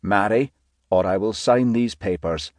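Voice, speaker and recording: A woman voicing a stern, unbending aristocratic father in an audiobook, slow and commanding. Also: very deep voice, darkish tone, no echo, clean studio sound, voice pushed down. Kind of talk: audiobook character voice.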